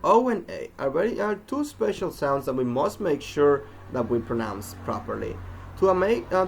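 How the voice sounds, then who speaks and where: A man's voice: fairly high pitch, gravelly, slight background noise. A man giving a pronunciation lesson, carefully enunciating example words one at a time. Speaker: pronunciation teacher.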